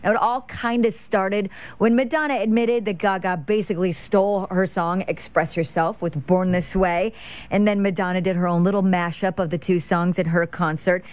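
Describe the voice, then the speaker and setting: Young woman, gossip-show host, chatty and quick to laugh, middle-pitched voice. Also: steady tone, a little mellow. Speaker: entertainment news segment host. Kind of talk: casual gossip chat.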